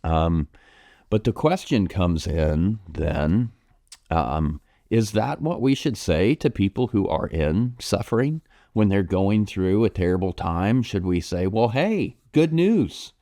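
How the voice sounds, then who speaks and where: A pastor with a low, deep voice and an American accent talks through a congregation's question in a gentle, reflective manner. He pauses with ums and restarts his thoughts as he goes. The sound is dry and close, with no room echo. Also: animated. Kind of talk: pastoral Q&A talk.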